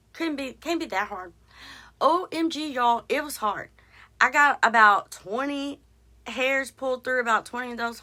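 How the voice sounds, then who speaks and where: A woman, hosting a podcast and telling a story in a casual, animated way. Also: on the high side. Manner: animated, chatty, addresses listeners as y'all. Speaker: podcast host.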